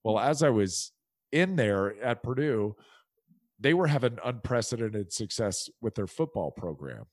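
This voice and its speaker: Animated male storyteller in a dry room. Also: lowish voice, measured pace, no echo. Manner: animated storyteller acting out quoted people. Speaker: podcast guest, former football player. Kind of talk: casual storytelling interview.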